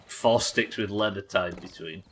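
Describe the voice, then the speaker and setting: A man's voice: sits low, measured pace, a bit bright, a little hiss or hum. An English man streaming a game, chatting casually and rambling, swearing freely as he plays. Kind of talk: casual chat while playing.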